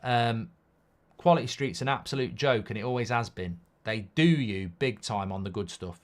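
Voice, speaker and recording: A man hosts a live football watchalong in a medium-pitched voice at normal speed. He chats casually, reads out viewers' comments, and rambles with animation, swearing freely and riffing on silly hypotheticals.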